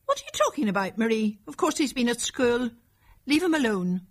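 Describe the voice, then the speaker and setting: A woman voicing an anxious village mother who scolds her son, with a husky, higher voice. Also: big pitch swings, fairly quick. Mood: angry. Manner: reproachful, then angry.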